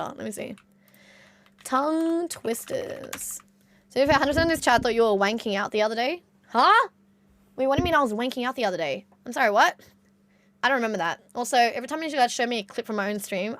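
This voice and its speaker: A woman's voice: on the high side, fairly bright tone. A young Australian woman with an Australian accent, chatting casually with her live-stream audience, laughing often. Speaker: livestreamer.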